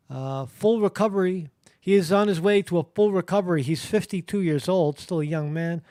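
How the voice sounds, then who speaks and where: A man hosting a live stream, reading headlines and commenting in a halting, blunt way, full of fillers and swearing. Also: high voice, mellow, dry recording, clean studio sound. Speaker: live show host.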